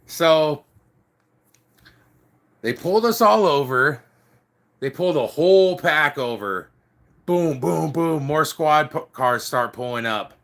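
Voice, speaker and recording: A man's voice: medium pitch, pushed and bright. A middle-aged man casually telling a rambling story, peppered with "dude" and "like". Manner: rambling, swears mildly, says "dude" and "like" often. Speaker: storyteller recounting biker club days.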